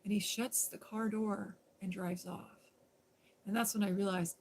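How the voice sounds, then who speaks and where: A woman's voice: mid-range voice, fairly even intonation, normal speed, vocal fry, a little hiss or hum, low-quality recording. A woman casually telling a personal story on a live stream, rambling and conversational with lots of fillers and restarts.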